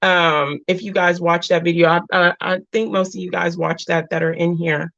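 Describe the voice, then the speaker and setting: A woman in her thirties speaks with a low-set, heartfelt voice, wandering off her point and finding her way back again. She sounds earnest and emotional, close to tears. The sound is dry and muffled, with a lo-fi dullness. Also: little pitch movement, moderate pace, gravelly, a bit bright, dry recording. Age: 30s. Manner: earnest, rambling, drifts off topic and back. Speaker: live-stream host. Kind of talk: heartfelt live chat with viewers.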